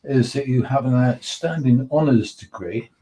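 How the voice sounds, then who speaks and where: A man's voice: mid-range voice, normal speed, mellow, poor audio. A man interviewing a radio presenter in casual chat, teasing him with dry humour. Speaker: guest host, interviewer.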